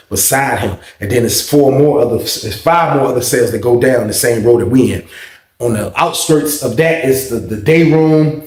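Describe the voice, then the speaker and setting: A man tells a story in a loose, rambling way, full of slang and cussing. His voice sits at an ordinary middle pitch. The recording has a noticeable room echo. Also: darkish tone. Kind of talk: casual storytime. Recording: echoey room.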